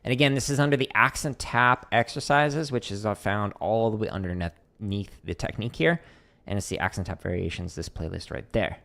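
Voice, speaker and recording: A man from Arizona teaching drumming on a casual livestream, talking in a relaxed, rambling way with lots of fillers. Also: on the low side, a little fast, creaky. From Arizona, USA. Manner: relaxed, chatty, many fillers, counts strokes aloud. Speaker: drum teacher streaming Q&A.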